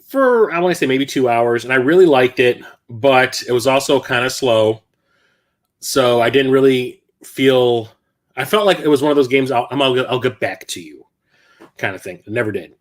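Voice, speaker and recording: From his apartment, a man hosts a casual live stream at a moderate pace in a medium-pitched voice. He sounds out of breath, rambles, and keeps correcting himself.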